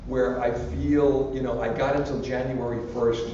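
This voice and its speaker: An older man tells rambling stories and jokes while answering student questions. His voice is mellow and dull on a lo-fi recording. It is caught from far off in a large, echoing hall. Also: mid-range voice, little pitch movement, moderate pace, a little hiss or hum. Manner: rambling, anecdotal, joking. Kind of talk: casual public Q&A.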